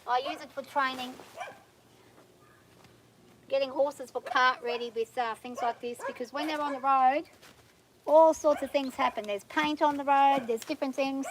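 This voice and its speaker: A woman working a nervous horse on a farm, calmly coaxing the animal while explaining each step to viewers. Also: sits high, normal speed, long pauses, low-quality recording. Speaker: horse trainer. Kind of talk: narrated training vlog. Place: outdoors on a farm on a windy day. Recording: outdoor recording with loud wind noise.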